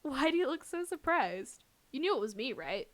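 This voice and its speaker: Casting: woman voicing a cocky, teasing young man cursed into a cat, game dialogue, raised pitch. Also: sing-song, normal speed. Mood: smug teasing. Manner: teasing, self-satisfied.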